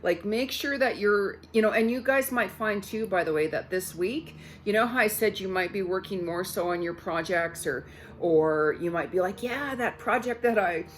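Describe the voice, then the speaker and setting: A woman's voice: medium pitch, moderate pace, hardly any pauses, soft background music. A woman psychic medium giving a casual card reading to her viewers, chatty and loose, full of "like" and "you know", often repeating her words.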